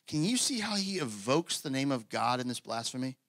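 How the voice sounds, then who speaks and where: A man preaching a sermon as pastor in an animated, conversational way, with casual asides. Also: medium pitch, a little slow, few pauses, no echo. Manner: acts out scripture quotes in character voices.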